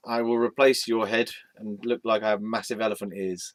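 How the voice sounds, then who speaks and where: A man's voice: fairly low pitch, little pitch movement, fast. Man rambling playfully in a vlog. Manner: playful, joking, talks aloud to an image of a deity. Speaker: vlog host. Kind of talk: casual rambling monologue.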